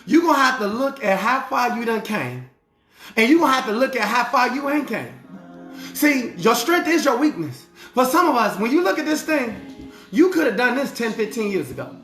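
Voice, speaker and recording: An emphatic life-coach preacher delivering a motivational sermon in plain street talk, hammering the same refrains again and again. The pitch swings widely and animatedly. The voice rings in a roomy, echoing space. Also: sing-song, moderate pace, long pauses, fairly bright tone, faint music behind. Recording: roomy echo.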